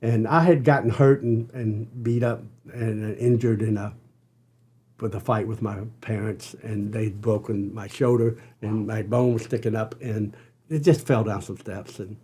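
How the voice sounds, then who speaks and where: Older man, low dark voice, husky, earnest halting delivery, podcast guest. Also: fairly even intonation. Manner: earnest, halting, full of restarts. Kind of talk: storytelling interview.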